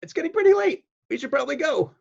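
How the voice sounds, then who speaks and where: A man's voice: extremely high pitch, lively intonation, quick pace, creaky, lo-fi sound, pitched above the performer's own voice, full character voice. A man voicing a nervous, cautious boy on Halloween, reading it aloud.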